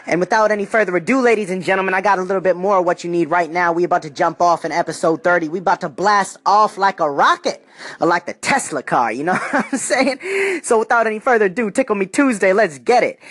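A man hosting his own comedy podcast, talking in an animated, slangy way and laughing often between jokes. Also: high-pitched, a little fast, dry recording. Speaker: podcast host.

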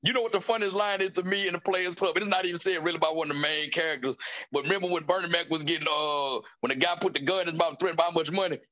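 A man in casual chat, telling stories loudly with lots of profanity and acted-out quotes. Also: on the high side, fast. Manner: loud, animated storytelling with profanity and quoted lines.

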